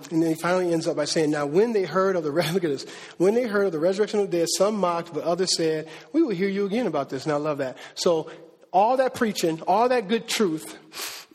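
Male pastor, high husky voice, lively conversational preaching, large reverberant hall. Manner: conversational, animated preaching with slang and acted quotes. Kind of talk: sermon. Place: church hall.

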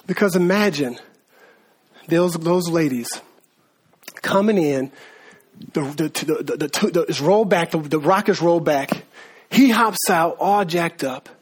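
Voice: medium pitch, measured pace, long pauses, breathy edge. A preacher delivering a sermon in casual, slangy talk, repeating words and laughing as asides.

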